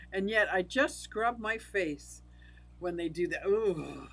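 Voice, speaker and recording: Reading viewer comments in a relaxed livestream chat, this older woman laughs often and addresses people by name. She speaks in a mid-range voice, and the recording quality is low.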